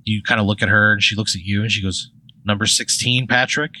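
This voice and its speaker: A man co-hosting a comedy podcast, telling an improvised story deadpan and filling his talk with "like". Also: fairly low pitch, fast talker, a little hiss or hum, rough recording. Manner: deadpan, heavy use of "like". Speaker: podcast co-host.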